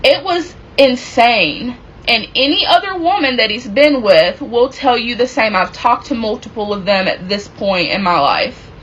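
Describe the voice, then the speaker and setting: A woman casually telling a personal story from her relationship, animated and acting out what people said. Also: on the high side, measured pace, dull audio, slight background noise. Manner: animated, reenacts quoted dialogue.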